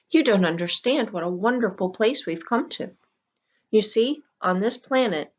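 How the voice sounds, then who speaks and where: A woman reads the part of a small boy under a spell, speaking with a cold, bland calm. His words come slowly and reasonably, never rising to anger. It sits a little low for a child. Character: boy, the young protagonist's hypnotized little brother, cold and eerily calm.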